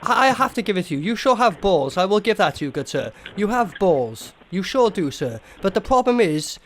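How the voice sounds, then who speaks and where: A man making a comedic prank phone call, talking in an exaggeratedly polite, mock-formal gentleman manner. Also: sits high, big pitch swings, brisk, a little hiss or hum. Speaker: prank caller.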